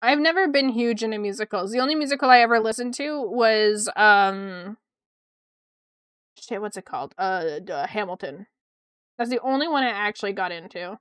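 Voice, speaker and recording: Chatty young woman streamer, crisp dry voice. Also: medium pitch, normal speed, no room sound. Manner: chatty, excitable, swears casually, reads chat aloud. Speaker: art streamer. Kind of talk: casual chat while drawing on stream.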